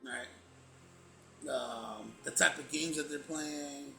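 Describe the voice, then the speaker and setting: A man's voice: fairly high pitch, slow pace, creaky, pushed and bright, echoey room, faint music behind. A man playing a tabletop game, joking and swearing in casual chat. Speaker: player.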